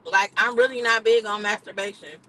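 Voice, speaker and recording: A woman with a medium-pitched, sharp voice talks a little fast while hosting her own livestream. She's candid and profane in this casual chat, laughing often, over poor-quality audio.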